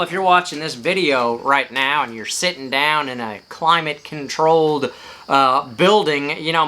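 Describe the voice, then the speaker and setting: A man giving a folksy devotional talk outdoors on a front porch, unhurried, stretching his words and using fillers. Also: on the high side, sharp tone. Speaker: devotion speaker.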